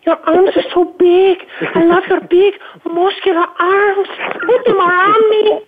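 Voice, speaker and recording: A breathy, gushing admirer with a squeaky falsetto that swoops high above his usual voice, as a man hams it up. Everything comes through a tinny, phone-like line. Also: level tone, unhurried, noisy background. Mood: swooning.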